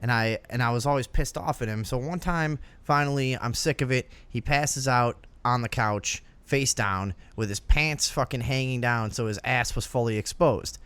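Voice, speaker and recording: A man hosting a talk show, telling a crude story in a profane, animated way. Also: medium pitch, normal speed, few pauses, clean tone, no echo. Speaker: podcast host.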